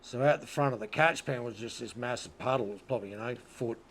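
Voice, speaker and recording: A man's voice: medium pitch, fast, fairly bright tone, a little hiss or hum. A man with an Australian accent telling rodeo stories as an interview guest, laid-back, swearing freely and often asking "you know what I mean". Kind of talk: casual storytelling.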